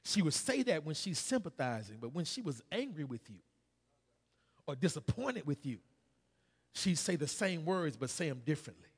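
A man preaches to his church, leading the congregation in call-and-response and pushing his delivery up into shouted peaks. His voice sits high and has a gravelly, husky grain. The sanctuary around him rings with a long reverb. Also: sing-song, moderate pace. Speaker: pastor. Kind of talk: sermon.

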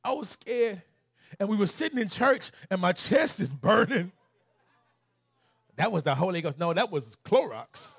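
A preacher man with a Southern US accent, his voice high and husky. He swings between shouting scripture and telling a story in a softer, halting voice. The sound is dry and close, with no room echo. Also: expressive. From Southern United States. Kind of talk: sermon.

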